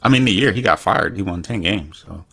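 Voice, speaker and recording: A man's voice: low-pitched, fairly quick, creaky, fairly bright tone. A man co-hosting a casual sports talk podcast, rambling with frequent fillers and restarts. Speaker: podcast co-host.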